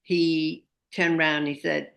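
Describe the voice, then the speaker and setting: Gravelly low-voiced woman in her sixties. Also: slow. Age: 60s. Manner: animated anecdotes, laughing at herself often. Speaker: interview guest, speaker and expedition leader. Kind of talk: casual interview storytelling.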